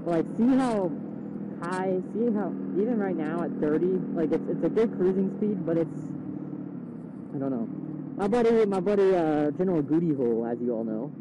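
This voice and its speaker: A young man riding a motorcycle through town, chatting casually into a helmet mic, swearing freely and getting loud when he retells things. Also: high-pitched, lively intonation, normal speed. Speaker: motovlogger. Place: outdoors on a motorcycle in town traffic. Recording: dull helmet mic, loud road noise. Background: engine and traffic noise.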